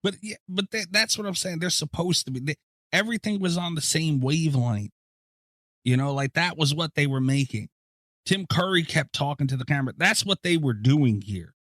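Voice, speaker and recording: Excitable man chatting on a podcast. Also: on the high side, moderate pace, no echo, studio quality. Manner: animated, swears freely. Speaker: podcast co-host. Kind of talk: casual chat.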